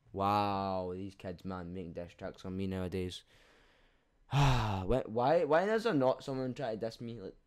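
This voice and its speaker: A young man with a Scottish accent, speaking in a lowish, darkish voice, works through his own channel's comments. The YouTuber responds with cheeky, sweary banter and often laughs at himself.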